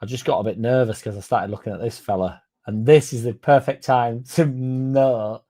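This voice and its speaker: A man's voice: medium pitch, steady tone, normal speed, mellow. A man hosting a casual livestream, rambling, swearing and chatting to viewers by name. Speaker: fan channel livestream host.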